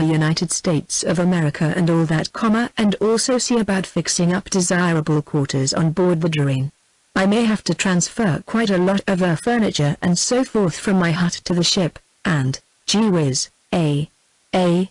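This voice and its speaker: Text-to-speech British woman narrator, slightly low and even, reads punctuation aloud, dry close sound. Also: no echo, poor audio. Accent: British English. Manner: even machine reading that speaks the word "comma" aloud. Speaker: audiobook narrator. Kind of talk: synthetic text-to-speech book reading.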